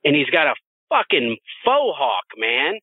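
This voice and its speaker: A man co-hosting a casual podcast, his voice on the higher side and swinging widely as he tells a profane story. He laughs often between his lines. The sound is dry and thin, like a phone line. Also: wildly swooping pitch, unhurried, dry recording. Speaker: podcast co-host.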